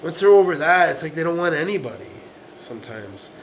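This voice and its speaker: A man's voice: a little high, very animated, fairly quick, rough recording. Man in his late forties, blunt and profane, casual rant, faint air conditioner hum. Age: 40s. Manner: blunt, profane, repetitive with frequent "right?". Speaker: vlogger. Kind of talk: casual monologue to camera.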